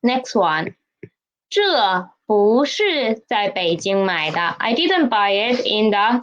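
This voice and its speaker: A patient language teacher, a woman, speaks slowly in a fairly high voice. She repeats key phrases and keeps checking that learners follow. The recording sounds dull and lo-fi. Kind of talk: slow explanatory lesson.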